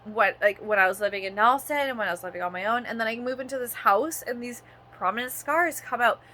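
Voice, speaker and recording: A woman's voice: on the high side, fast, bright, forceful tone, slight background noise. A woman in her thirties from Canada, ranting in a vlog monologue, swearing often and rambling with lots of "like" fillers. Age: 30s. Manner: profane, rambling, frequent "like" fillers.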